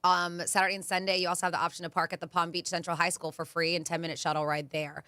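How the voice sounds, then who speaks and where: Radio host lady, chatty, bright lively voice, dry studio sound. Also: on the low side, quick pace, no echo. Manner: chatty, reads out event details with asides. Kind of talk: casual radio chat.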